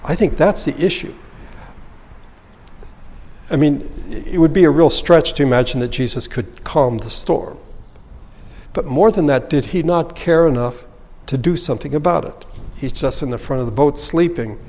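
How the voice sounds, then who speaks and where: Pastor preaching in a reverberant hall. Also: male voice, on the high side, normal speed, long pauses, a little mellow. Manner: earnest, explanatory, with rhetorical questions. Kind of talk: sermon.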